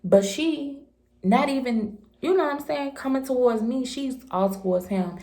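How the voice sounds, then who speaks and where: A woman in her twenties telling a storytime vlog in a heated, profane, animated way. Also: high voice, moderate pace. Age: 20s. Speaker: vlogger. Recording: echoey room.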